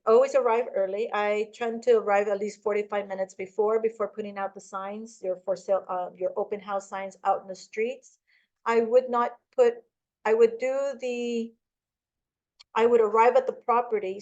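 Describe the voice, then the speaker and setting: A woman's voice: medium pitch, a little mellow, muffled recording. A woman giving a casual real estate training talk, chatty and rambling, with many restarts and personal stories.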